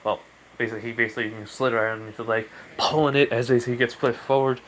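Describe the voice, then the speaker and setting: A man's voice: mid-range voice, steady tone, racing, fairly bright tone. Man, casual fan-story narration, rambling, lots of fillers, faint background noise.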